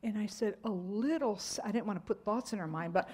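A middle-aged woman leads a Bible study. She talks in a conversational, storytelling way, with fillers and asides along the way. Her voice sits at a medium pitch. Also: a little fast, few pauses, a little mellow, breathy edge. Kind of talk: Bible lesson with personal story.

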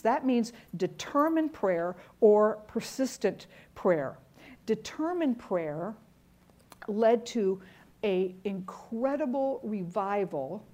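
A woman's voice: medium pitch, darkish tone. A middle-aged woman giving an earnest church teaching talk, telling stories and repeating key words for emphasis. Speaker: Bible teacher.

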